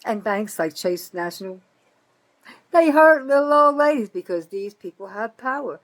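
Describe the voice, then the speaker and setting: An older woman from North Jersey, USA, animated and speaking at a moderate pace, vents angrily about politics to her camera over a rough recording. She's a bitter, profane vlogger whose volume swings from loud outbursts to low mutters.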